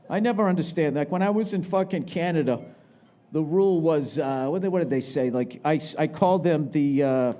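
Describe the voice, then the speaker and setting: A man doing live stand-up, ranting sarcastically and profanely, with shouted bursts, on a handheld mic before a big crowd. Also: on the high side. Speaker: stand-up comedian. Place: large live venue with audience. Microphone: handheld microphone.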